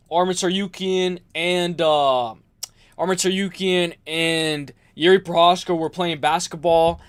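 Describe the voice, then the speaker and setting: High-voiced young man ranting about fights. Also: dry recording. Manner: animated, rambling, outbursts of shouting. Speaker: MMA livestream host. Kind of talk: casual livestream rant. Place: home room.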